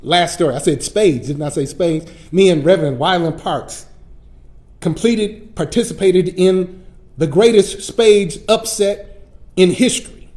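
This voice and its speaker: A middle-aged man, a pastor teaching Sunday school, telling folksy stories in a lively preaching style. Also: high-pitched, unhurried. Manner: animated, folksy preacher who acts out his stories. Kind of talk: storytelling sermon-style lesson.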